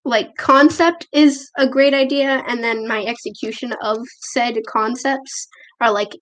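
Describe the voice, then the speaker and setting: A slightly high female voice in loose, unscripted chat, reading out viewer comments and running herself down. She fills her talk with "like" and "I don't know". The sound comes from a tablet's built-in microphone at home. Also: steady tone, measured pace, fairly bright tone. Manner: chatty and self-deprecating, with frequent fillers. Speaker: livestream host. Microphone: tablet camera microphone.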